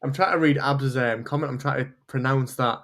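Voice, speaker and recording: A man's voice: medium pitch, fairly even intonation, a bit bright. A man with a Geordie accent chatting casually and teasing his co-host on a livestream. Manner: jokey, teasing, quick asides. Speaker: performer co-hosting a livestream. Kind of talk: casual chat.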